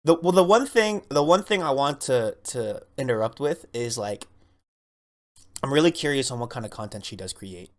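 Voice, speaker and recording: A man's voice: mid-range voice, animated, moderate pace. A man co-hosting a podcast in a casual, curious way, often chiming in with agreement. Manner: laid-back, curious, agrees with lots of yeps and that's what I'm saying. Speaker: podcast co-host.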